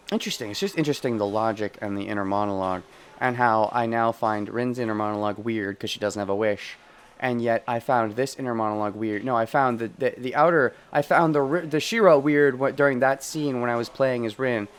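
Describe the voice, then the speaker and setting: A man's voice: mid-range voice, clean tone. A man streaming a game, chatting in a rambling, self-correcting way and reading story text aloud. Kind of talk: casual let's play commentary.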